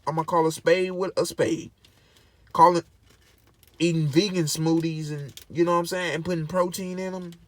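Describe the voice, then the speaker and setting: A man's voice: on the high side, no room sound. Emphatic man preaching to camera. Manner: repeats himself, preachy and emphatic. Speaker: vlogger. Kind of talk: casual to-camera commentary.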